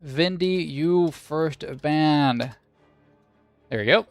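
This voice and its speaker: A man's voice: on the high side, drawn-out words, clear, resonant tone, no echo, faint music behind. A man hosting a game tournament on a livestream, chatting casually and joking with viewers, swearing now and then.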